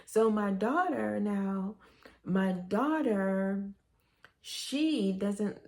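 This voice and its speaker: Gravelly-voiced New woman vlogging. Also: mid-range voice, extremely slow, a little mellow. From Brooklyn, New York. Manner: rambling, nostalgic storytelling. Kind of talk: casual vlog monologue.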